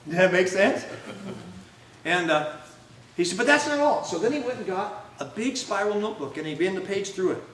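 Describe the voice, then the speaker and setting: A man's voice: high voice, moderate pace, slight background noise. A man preaching a storytelling sermon, acting out the voices of the people in his story and asking his listeners questions. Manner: animated storyteller who acts out quoted speech; asks the audience questions. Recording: roomy hall recording from a distance, faint music.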